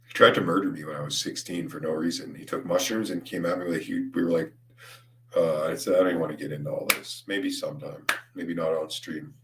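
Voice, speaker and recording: Young male streamer, very low voice, stoned and rambling, recorded roomy and off-mic. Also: fairly even intonation, fast talker, recorded from a distance, a little hiss or hum. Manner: rambling, laughing, swears a lot, says "dude". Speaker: livestreamer. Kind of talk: casual livestream chat.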